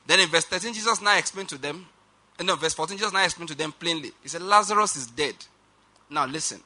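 A man preaching a sermon, emphatic, slowing down to read scripture and hurrying through his asides. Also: sits high, pushed and bright. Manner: emphatic, slows down for quoted scripture; rushed asides, calls on congregation to repeat.

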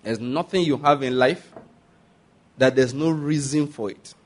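A man's voice: medium pitch, measured pace. A middle-aged man preaching a sermon, drawing the congregation into call-and-response and dropping humorous asides. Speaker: pastor.

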